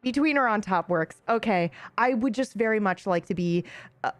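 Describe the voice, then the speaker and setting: A woman's voice: medium pitch, normal speed, no echo, soft background music. A woman streamer chatting casually with her live chat, bubbly and giggly, with frequent laughs and asides.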